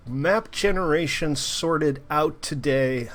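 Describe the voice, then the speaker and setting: A young man hosting a live game stream, chatting playfully with bursts of loud cheering. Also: medium pitch, takes it slowly, few pauses, faint music behind.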